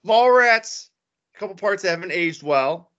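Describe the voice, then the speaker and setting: A man co-hosting a podcast in a casual, profane, animated way, laughing often. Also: mid-range voice, a little fast. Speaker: podcast co-host. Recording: dull lo-fi sound.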